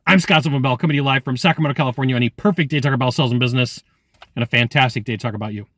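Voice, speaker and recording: A man giving energetic direct-to-camera sales training, emphatic and animated, acting out people's reactions as he talks. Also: medium pitch, racing, dry recording.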